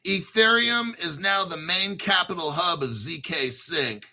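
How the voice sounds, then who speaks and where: A man hosting a crypto show, talking in an excited, rambling monologue with frequent swearing, stopping to spell out names letter by letter. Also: high-pitched, unhurried.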